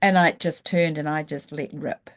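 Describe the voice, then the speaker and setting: A woman's voice: low voice, fairly even intonation. A middle-aged woman, telling her story frankly and reflectively as an interview guest. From New Zealand. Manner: frank and reflective, slows down when thinking back. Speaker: guest, leadership coach. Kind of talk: candid storytelling in a casual interview.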